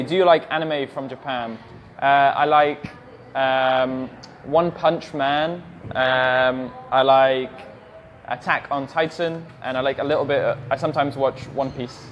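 On a livestream, a young Englishman from England who teaches English reads viewers' questions aloud and answers them in a friendly, plain manner. His voice is fairly high-pitched, with a little hiss or hum in the audio.

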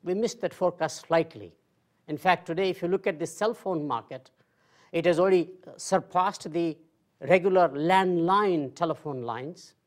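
A man's voice: a little high, moderate pace. Man in his sixties giving a lecture. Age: 60s. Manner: conversational, self-deprecating humor. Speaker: marketing professor. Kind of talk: informal conversational lecture.

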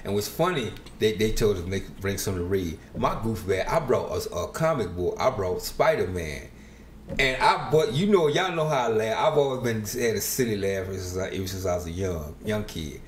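A middle-aged man, a comedian, telling stories in casual chat and bursting into loud laughter. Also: on the low side, expressive, a little fast, reverberant, a little hiss or hum. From United States. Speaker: guest comedian. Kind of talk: casual storytelling.

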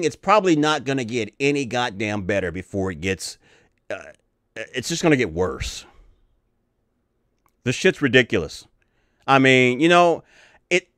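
A man's voice: fairly high pitch, fairly bright tone, no echo, clean studio sound. A middle-aged man hosting his own channel, ranting angrily with lots of cursing in a profane commentary. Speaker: channel host.

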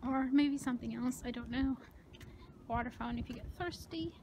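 A woman's voice: fairly high pitch, moderate pace, heavy background noise. Shy, rambling young woman vlogging on a phone. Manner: rambling, self-conscious, often quiet and hushed. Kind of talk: casual vlog chat. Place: outdoors at a beach, then in a car and a gym.

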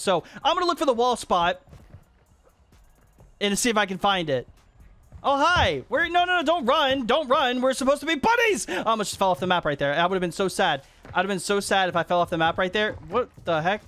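High-voiced excited young man gaming. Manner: animated, swings up into excited yelps. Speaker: gaming YouTuber hosting hide and seek. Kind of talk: excited gameplay commentary.

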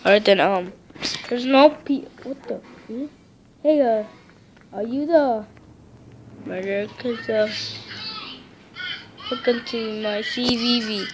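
A woman giving excitable gameplay commentary, often yelling and shrieking at the game. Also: a little high, unhurried. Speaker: gaming video creator. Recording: noisy recording with mouse clicks.

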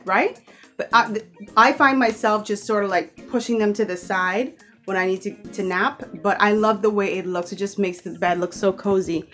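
A woman's voice: mid-range voice, normal speed, fairly bright tone. Bahamian woman doing a chatty bedroom tour vlog, playful, keeps correcting herself, faint music behind. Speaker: vlogger. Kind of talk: casual room tour vlog. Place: her bedroom.

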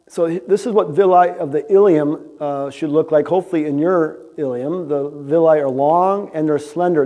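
A man gives a conference talk to a live audience. His voice sits a bit high for a man yet sounds mellow and relaxed. He keeps it conversational, often tossing "right?" to the room. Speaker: animal science researcher presenting. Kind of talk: conference lecture.

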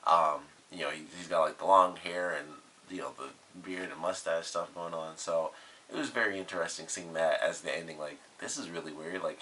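A man's voice: low-pitched, fairly bright tone. A young man giving a casual, rambling spoken review of a TV episode, full of fillers and restarts. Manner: rambling, filler-heavy, lots of 'like' and restarts.

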